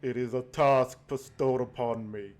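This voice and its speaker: A man voicing Death, a calm, aloof male keeper of souls who speaks low, quiet and measured, with slow pacing. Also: close to an everyday voice. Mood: solemn.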